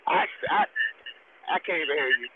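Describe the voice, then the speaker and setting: A man's voice: fairly high pitch, moderate pace, husky. A man on a phone call in a debate, talking bluntly and repeating himself. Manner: repetitive, blunt. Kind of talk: casual debate over a call. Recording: tinny phone line with faint hiss.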